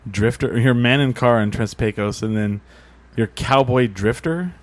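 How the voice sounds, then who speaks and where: A man hosting a podcast, keeping the talk loose and informal. He swears casually and laughs readily between questions. His voice has an ordinary male pitch. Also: measured pace. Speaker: podcast host. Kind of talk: casual interview chat.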